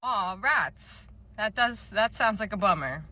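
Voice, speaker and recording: A young woman telling comedic storytime skits about retail work, deadpan and sarcastic. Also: medium pitch, measured pace. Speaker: comedy creator, former store cashier.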